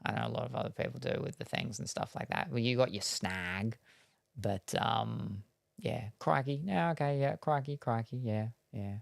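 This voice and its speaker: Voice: medium pitch, normal speed, gravelly, no echo. Rambling Australian game streamer. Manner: rambling and hesitant, many ums; chatty, answers chat, laughs at itself. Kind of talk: casual stream chat.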